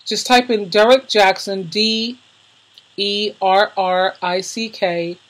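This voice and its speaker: A woman's voice: medium pitch, fairly even intonation, slow, poor audio. A woman YouTuber talking casually to her viewers, effusive and emotional, with slangy emphasis, calling them darling. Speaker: YouTuber recommending videos to viewers. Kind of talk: casual vlog talk.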